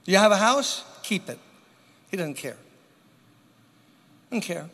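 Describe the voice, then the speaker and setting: A high, bright male voice preaching a sermon in a church. He leans on dramatic pauses and repeats key phrases for emphasis. A long reverb trails each line through the sanctuary. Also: lively intonation. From New York.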